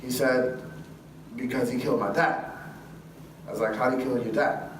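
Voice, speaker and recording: A man's voice: mid-range voice, fairly even intonation, normal speed. Guy telling a story to a crowd, acts out the dialogue, laughs a lot, far off in a big echoey hall with room noise. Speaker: guest speaker. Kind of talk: storytelling talk to a live audience.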